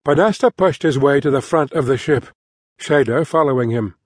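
A man's voice: medium pitch, no room sound. Man narrating an audiobook in a dry studio. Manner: even, measured storytelling. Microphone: close studio mic.

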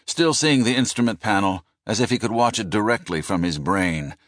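A man narrating a thriller audiobook in a measured, descriptive manner. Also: low-pitched, fairly bright tone, dry recording, clean studio sound. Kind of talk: scripted narration.

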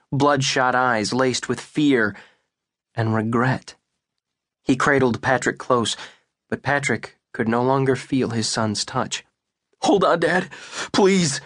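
A male audiobook narrator reading a suspense novel in a measured, deliberate way. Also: mid-range voice, fairly bright tone, no echo, studio quality. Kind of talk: scripted narration.

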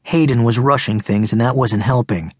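Husky male audiobook narrator. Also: mid-range voice, normal speed, no echo, studio quality. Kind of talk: scripted narration. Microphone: close studio mic.

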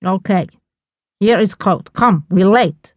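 A woman's voice: medium pitch, takes it slowly, no room sound, close to an everyday voice. A woman voicing a glamorous, scheming Russian mother with a Russian accent who speaks broken English in a commanding way. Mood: coaxing.

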